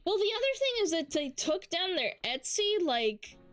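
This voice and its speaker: A woman VTuber streamer chatting casually into a headset, animated and swearing often. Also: very high-pitched, moderate pace, faint music behind.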